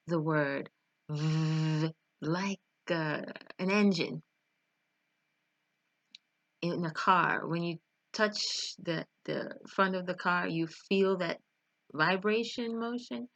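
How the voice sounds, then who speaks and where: A woman's voice: on the low side, steady tone, slow pace, pauses often, a bit bright, dry recording, muffled recording. A woman teaching English pronunciation in an online video lesson, speaking carefully and exaggerating each sound in drills.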